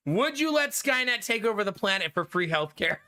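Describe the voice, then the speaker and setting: A man in his thirties chats with his live-stream audience in a loose, joking way and laughs often. His voice is bright and forward, and his pitch jumps around animatedly as he tells stories. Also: big pitch swings, moderate pace. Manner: giggly, joking, talks to chat. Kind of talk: casual live-stream chat.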